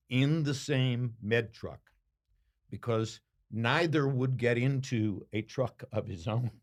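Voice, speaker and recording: Answering an interviewer's questions, an older man who commentates on boxing tells stories slowly and thoughtfully, with emphatic pauses. His voice sits in the mid range.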